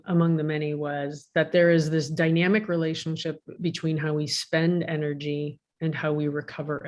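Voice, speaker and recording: A woman sports psychologist giving a casual talk over a video call, lively, with many restarts and "right?" tags. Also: low voice. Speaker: guest speaker, sports psychologist.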